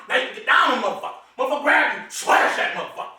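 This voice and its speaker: A man's voice: extremely high pitch, big pitch swings, quick pace, bright, forceful tone. A man doing a profane comedic monologue to camera, brash and boastful, swearing constantly and chuckling often. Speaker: comedic host showing his knives. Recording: echoey room, mic far off, faint noise.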